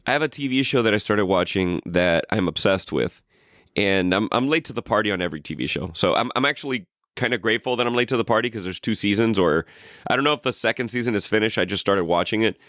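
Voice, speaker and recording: Male podcast co-host: bright, dry sound, rambling and profane. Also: on the low side, lively intonation, quick pace, dry recording. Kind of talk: casual chat.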